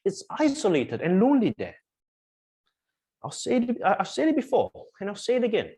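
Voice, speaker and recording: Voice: medium pitch, wildly swooping pitch, a little fast, warm tone, pitched above the performer's own voice. A preacher voicing a famous American actor in an American accent, confessing that success feels empty. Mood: weary confession. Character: famous male American film actor, weary and reflective. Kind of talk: quoted impression in a sermon.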